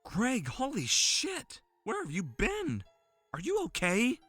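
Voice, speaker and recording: Panicked young woman in a horror tale, high and pleading; male narrator doing her. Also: huge pitch swings, slow, fairly bright tone, faint music behind, exaggerated voice. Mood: alarmed. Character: frantic young woman lab colleague.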